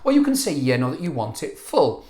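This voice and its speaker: Animated man teaching in an echoey room. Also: on the high side, brisk. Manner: animated, jokey, exasperated. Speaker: language teacher. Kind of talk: video lesson.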